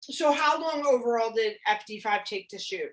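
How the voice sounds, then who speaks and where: A woman's voice: fairly high pitch, lively intonation, normal speed. A woman co-hosting a podcast, asking the guest playful questions in a casual chat. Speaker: podcast co-host.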